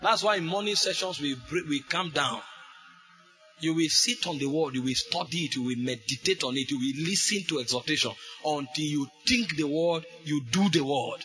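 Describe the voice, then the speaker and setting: A man preaching a fervent sermon, repeating phrases and breaking into shouts. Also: fairly high pitch, fairly quick. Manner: fervent, repetitive, bursts into shouts.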